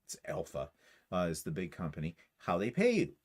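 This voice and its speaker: A man's voice: deep voice, wildly swooping pitch, fairly quick, a little mellow, husky. Chatty Canadian man hosting a livestream. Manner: chatty, rambling, self-deprecating, many fillers. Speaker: YouTube quilting channel co-host. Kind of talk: casual livestream chat.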